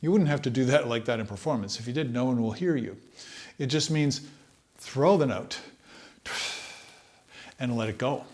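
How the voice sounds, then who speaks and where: Man, trumpet teacher, instructional talk, relaxed, thoughtful, medium pitch. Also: normal speed, long pauses. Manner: relaxed, thoughtful, sings phrases to demonstrate.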